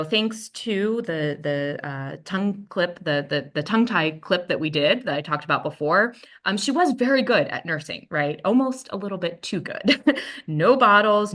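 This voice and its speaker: A woman's voice: fairly low pitch, fairly bright tone. A woman presenting a training workshop, telling a personal story in a conversational way and acting out what she said to her baby.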